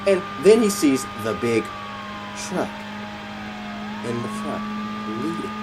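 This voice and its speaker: A man's voice: fairly high pitch, huge pitch swings, takes it slowly, background noise. A man casually retelling a film scene by scene, rambling and repeating himself as he goes. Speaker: video host.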